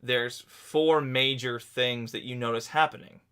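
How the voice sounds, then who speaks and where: Bright-voiced man as game master. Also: medium pitch, steady tone, clear, resonant tone. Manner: halting, descriptive storytelling. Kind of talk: narrating a tabletop game.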